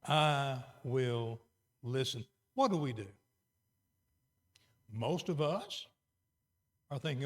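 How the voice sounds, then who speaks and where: Middle-aged male preacher, higher-pitched voice. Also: slow, long pauses. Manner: shifts between quiet emphasis and raised exhortation. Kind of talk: sermon.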